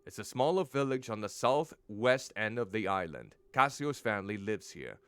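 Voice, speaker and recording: A man's voice: on the low side, big pitch swings, normal speed, fairly bright tone, clean tone, no echo. A male streamer reading game text aloud and commenting, stumbling over pronunciations.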